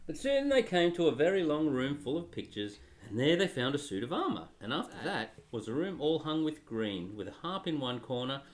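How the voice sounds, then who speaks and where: A man's voice: on the high side, very animated, fairly quick, hardly any pauses. A man, a father, reading a children's story aloud with playful, laughing asides. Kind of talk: storybook reading with jokey family banter.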